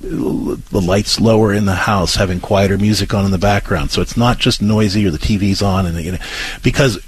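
Co-host, male, low and husky, earnest advice giver who stumbles and restarts. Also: steady tone, fairly quick. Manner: earnest, many restarts, acts out comforting lines to a child. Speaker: co-host giving parenting advice. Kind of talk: casual advice chat.

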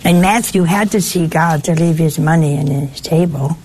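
A woman, older, preaching a sermon with lively, teasing rhetorical questions. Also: deep voice, normal speed, slight background noise.

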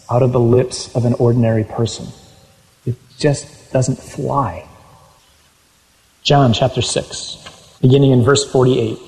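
A man's voice: medium pitch, a little mellow, low-quality recording. A man preaching a sermon, reading scripture aloud and driving his points home with sudden emphatic rises. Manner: reads scripture aloud with emphatic, rising exclamations.

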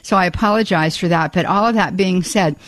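A woman's voice: on the low side, brisk, no room sound. A woman hosting a live call-in radio show, talking in a chatty way with many filler uhs and restarts. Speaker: radio talk show host.

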